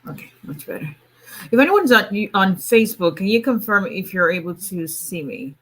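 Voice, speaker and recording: Bright-voiced woman attorney chatting live. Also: medium pitch, animated, normal speed, a little hiss or hum. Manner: chatty, laughs often, frequent restarts. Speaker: immigration attorney hosting a livestream. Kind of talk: casual livestream chat.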